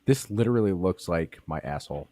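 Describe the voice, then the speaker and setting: A man co-hosting a studio podcast, swearing freely and telling crude workplace stories with animated voices for the people in them. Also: sits low, fairly quick, dry recording. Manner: profane, animated storyteller doing voices of coworkers. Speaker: podcast co-host. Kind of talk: crude casual chat and storytelling. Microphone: studio mic.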